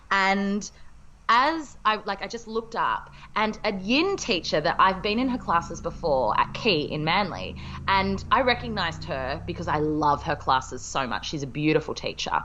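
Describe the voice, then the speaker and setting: A woman's voice: medium pitch, sharp tone, dull audio, a little hiss or hum. A young woman co-hosting a podcast in casual chat, bubbly and chatty, laughing often over a video call. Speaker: podcast co-host.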